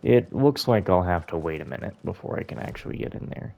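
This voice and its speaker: A man's voice: deep voice, expressive, a little fast, gravelly, a little mellow, dull audio, slight background noise. A young man giving chatty, rambling commentary while playing a video game. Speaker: gaming YouTuber. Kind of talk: casual let's-play commentary.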